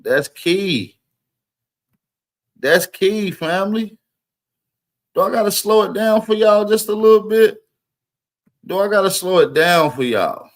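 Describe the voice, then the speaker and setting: A man's voice: sits high, animated, a little slow, long pauses. A man hosting a live reaction commentary, stopping clips and hammering his points by repeating key phrases.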